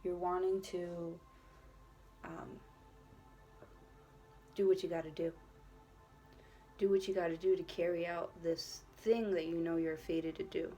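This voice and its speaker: A woman's voice: on the low side, steady tone, measured pace, pauses often, dark tone, soft background music. Chatty woman giving a tarot reading. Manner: rambling, repeats herself, leans on "you know", swears freely; encouraging, earnest, speaks straight to the viewer. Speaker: tarot reader. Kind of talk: casual tarot reading to camera.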